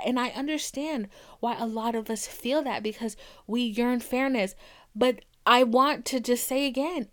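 Young woman podcast host, fairly high voice, blunt and foul-mouthed, animated storytelling. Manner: blunt, profane and animated, acting out quoted arguments. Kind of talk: candid podcast talk.

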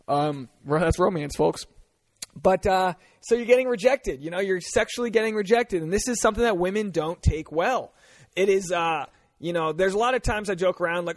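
A man's voice: high voice, moderate pace. Blunt, crude male comedian podcaster. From Rhode Island. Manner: blunt, crude, jokey, acts out voices. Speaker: podcast host.

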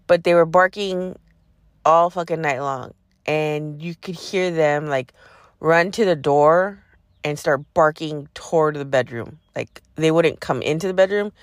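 A woman hosting a podcast casually retells a personal story in an animated, profane and sarcastic way. Her low voice is unhurried, and the recording is clean studio sound with no room noise.

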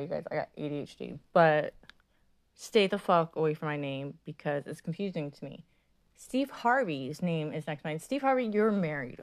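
A woman hosting a podcast in a casual monologue, rambling and crude, with lots of swearing, fillers and self-mocking asides. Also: deep voice. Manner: many fillers and trailing asides. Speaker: podcast host.

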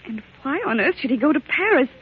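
A woman's voice: sits high, lively intonation, fast talker. An actress in a 1940s radio drama playing a young woman whose uncle was murdered, with an anxious, pleading delivery that comes close to tears. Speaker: niece of a murder victim. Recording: tinny old radio broadcast, faint hiss.

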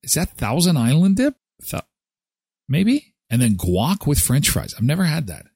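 A man hosts a morning show, jokey and rambling, with a voice that swings widely up and down in pitch. His tone is slightly husky, and the sound is dry and close with no room echo. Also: sing-song, normal speed, a little mellow. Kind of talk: casual chat with ad reads.

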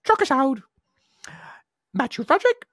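Man doing a chirpy cartoon mouse, high and giggly, dry close mic. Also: sing-song, a little slow, a bit bright, no echo, exaggerated voice. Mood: gleeful. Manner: giggly falsetto, breaks into laughs. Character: high squeaky cheerful cartoon mouse, male. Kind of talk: podcast impression.

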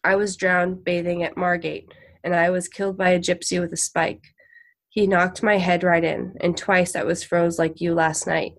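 A woman voicing a frail, husky eighteen-year-old boy of the road, blunt and fierce. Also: on the low side, steady tone, moderate pace.

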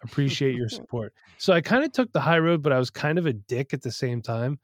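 A man's voice: a little high, very animated, fast talker, dry recording. A man co-hosting a podcast from his home studio, telling stories in a candid, profane, casual way. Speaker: podcast co-host. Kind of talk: casual chat.

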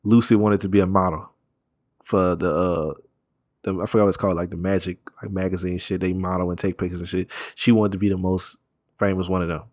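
A man with a very low voice chats loosely and rambles through his points, dropping slang and curses along the way. He laughs easily. The sound is dry and close, with no room echo. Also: flat delivery, fairly quick, darkish tone. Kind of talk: casual chat.

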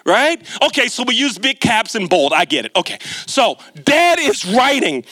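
High, bright-voiced storytelling preacher man. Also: sing-song, moderate pace, hardly any pauses, no echo. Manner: humorous, chatty, asks the congregation. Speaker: lay preacher. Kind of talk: storytelling sermon. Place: church sanctuary.

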